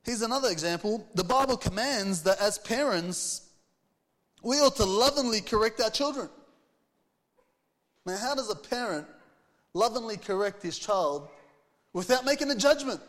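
Guy preaching w/ a really high voice, lots of rhetorical questions, big echoey church. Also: expressive, normal speed, long pauses, fairly bright tone. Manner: earnest preaching, reads scripture aloud, rhetorical questions. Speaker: pastor. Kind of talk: sermon.

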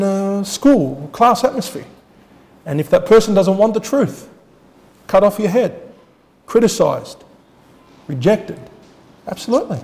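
A male pastor preaches a sermon in a big-sounding room, swinging emphatically from loud declarations down to quiet asides. He frequently poses rhetorical questions to the congregation.

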